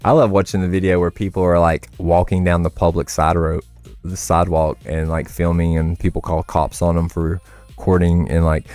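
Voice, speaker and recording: A man's voice: deep voice, flat delivery, normal speed, darkish tone, smooth, no room sound, faint music behind. A young man chatting casually and rambling on a livestream, swearing and calling listeners "bro.". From United States. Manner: rambling, profane, says "bro" a lot. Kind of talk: casual chat while gaming.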